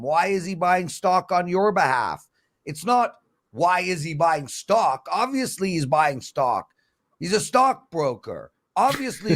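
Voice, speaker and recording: A man hosting a sports betting talk show, unhurried and drawn out, with a lively, slightly high voice. He chats and mocks as he reads out chat-room comments and picks them apart. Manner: chatty, mocking, reads viewer comments aloud. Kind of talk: casual panel talk.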